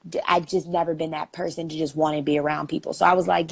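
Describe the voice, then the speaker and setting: A woman's voice: sits low, flat delivery, quick pace, creaky, breathy edge. A young woman in her twenties, a guest telling a story in a casual, chatty way with lots of "like" fillers.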